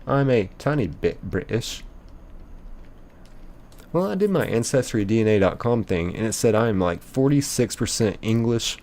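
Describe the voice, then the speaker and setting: A man's voice: fairly low pitch, animated, moderate pace, a little mellow. A young man streaming live, casually reading chat messages aloud and rambling with lots of ums and likes.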